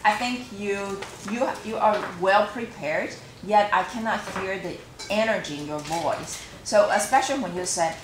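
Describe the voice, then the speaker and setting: A woman's voice: fairly low pitch, animated, moderate pace, background noise. A woman teacher giving feedback to students after practice interviews, coaching with frequent "okay" and acting out example phrases. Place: classroom. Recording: echoey classroom, faint ambience.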